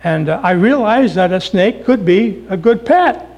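A man's voice: sits high, expressive, a little slow, darkish tone. A man preacher voicing a grieving young woman, speaking in a raised, earnest, pleading way.

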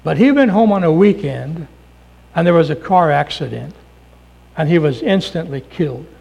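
A man preacher telling a story in a sermon, dropping his voice low for emphasis. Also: animated, moderate pace, gravelly, dull audio.

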